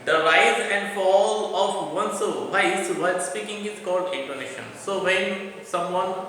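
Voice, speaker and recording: A man from India teaching a college English lesson, explaining terms slowly and often restarting or repeating words. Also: high-pitched, sharp tone. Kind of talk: classroom lecture. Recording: echoey room, from a distance, faint ambience.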